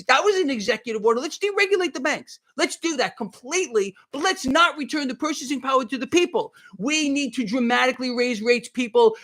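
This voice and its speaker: A man's voice: extremely high pitch, a bit bright. A middle-aged man doing a live market commentary, heated and sarcastic, often repeating himself as he rants.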